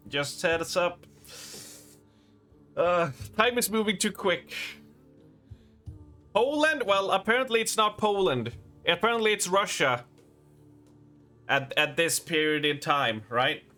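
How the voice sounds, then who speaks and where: A man's voice: a little high, pushed and bright. A man streaming a game live, chatting with his viewers and reading the game's letters and notes aloud.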